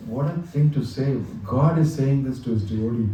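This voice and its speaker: A man giving a devotional lecture, telling stories slowly and with emphasis. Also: medium pitch, warm tone. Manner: slow, emphatic storytelling with quoted dialogue. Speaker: spiritual teacher. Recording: echoey hall, distant mic, faint ambience.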